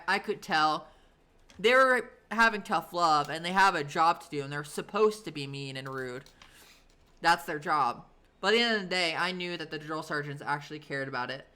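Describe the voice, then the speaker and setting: A woman's voice: lowish voice, bright, forceful tone. A woman in her thirties streaming from home, telling stories in a chatty, rambling way, full of fillers and casual swearing. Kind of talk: casual storytelling on a live stream.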